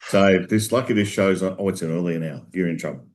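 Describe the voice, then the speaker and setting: A man with an Australian accent and a very low, deep voice, hosting a footy show. He talks in loose, jokey banter and tells long pub jokes with a laugh. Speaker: football show host. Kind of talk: casual pre-game banter.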